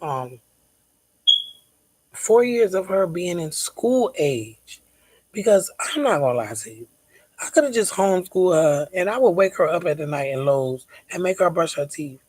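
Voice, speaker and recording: A woman's voice: lowish voice, a little mellow, no echo, rough recording. A woman vlogging as a mother. She talks in an emphatic, venting way, repeats words for stress and sometimes drops to near-whispers. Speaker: mother vlogging about her child's diabetes. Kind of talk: casual venting vlog.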